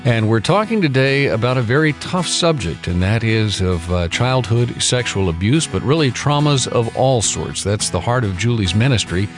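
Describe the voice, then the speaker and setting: A male radio host wrapping up a segment in a smooth, measured announcing style. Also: medium pitch, expressive, music in the background. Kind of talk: radio show segment outro.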